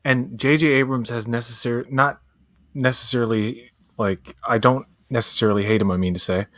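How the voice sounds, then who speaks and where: A man's voice: mid-range voice, steady tone, normal speed, fairly bright tone, dry recording, clean studio sound. A man, blunt and sweary, co-hosting a casual late-night chat show. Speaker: podcast co-host.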